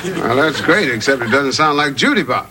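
A man playing a dry, sardonic household manager who talks deadpan. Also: medium pitch, normal speed, close to an everyday voice. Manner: deadpan and sarcastic. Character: dry, sardonic middle-aged male manager. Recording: noisy old TV sitcom recording.

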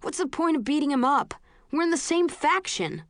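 A woman's voice: high voice, animated, normal speed, fairly bright tone, no echo, studio quality, voice pushed up. A woman voicing an uneasy big young man. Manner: pleading, uneasy.

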